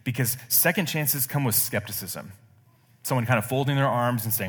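A man pastor delivers an earnest sermon in a slightly husky voice, circling back to repeat key phrases. His words carry a long reverb, as in a large church hall. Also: mid-range voice, moderate pace. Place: church sanctuary.

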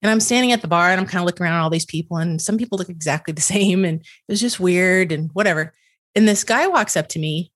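A middle-aged woman guest on a podcast, telling stories with lively quoted dialogue. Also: lowish voice, fast, no room sound, clean studio sound. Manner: animated storyteller, acts out quoted dialogue. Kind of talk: storytelling conversation.

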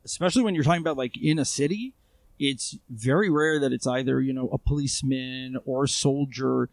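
An armed civilian responder in Israel, a guest in an interview, tells a story casually and conversationally, with many fillers and restarts. His voice is medium-pitched, fairly quick, with vocal fry, and the recording is dry.

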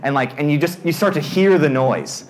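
A young man preaching to a youth group, telling a story in a lively way and acting out his own panic in character voices. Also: fairly high pitch, normal speed, heavy background noise. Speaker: youth pastor. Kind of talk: storytelling sermon.

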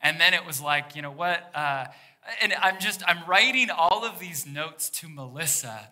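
A man preaching a sermon as pastor, animated and talking straight to the congregation, dropping to a hushed near-whisper to stress a point. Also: a little high, normal speed. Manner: engages the congregation directly.

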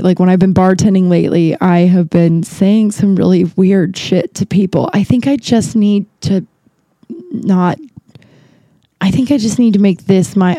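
A woman's voice: medium pitch, mellow, no echo. A young woman telling rambling stories in a casual chat, full of fillers and swearing. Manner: chatty, rambling, profane, frequent "like" fillers. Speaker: podcast host. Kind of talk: casual storytelling.

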